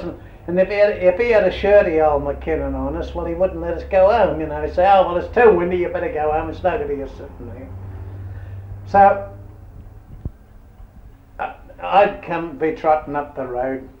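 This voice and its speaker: An older man telling rambling, earthy anecdotes in an oral history interview. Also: a little high. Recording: dull roomy old tape with hiss.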